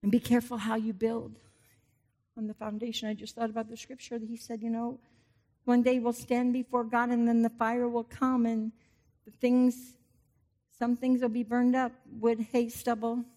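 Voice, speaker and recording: A woman delivers a sermon in a slightly high voice. She is openly emotional. She swings between loud, stirring exhortation and soft, intimate passages. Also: little pitch movement, normal speed. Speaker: preacher.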